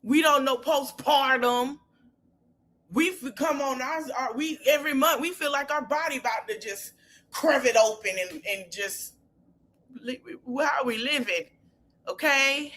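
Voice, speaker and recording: A woman podcast host, talking in an impassioned, casual way, swinging between low murmurs and loud high outbursts. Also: a little slow.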